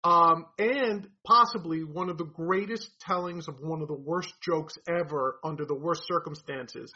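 A man with a New York accent and a high, husky voice chats as a podcast guest. He explains and tells stories at an easy pace. The audio is dull and lo-fi. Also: moderate pace, pushed and bright. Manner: storytelling, explaining. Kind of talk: casual conversation. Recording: dull lo-fi sound.

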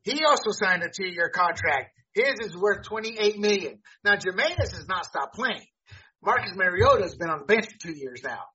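A man's voice: high voice, expressive, moderate pace, sharp tone, breathy edge. A man hosting a casual sports talk show, blunt and joking. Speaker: podcast host. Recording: dull lo-fi audio.

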